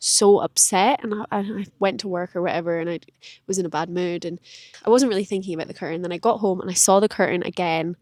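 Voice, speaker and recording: A woman's voice: lowish voice, steady tone, fast, a little mellow, dry recording, studio quality. A woman, rambling candidly and self-deprecatingly in a personal vlog. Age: late 20s. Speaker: vlogger. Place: outdoors in a park.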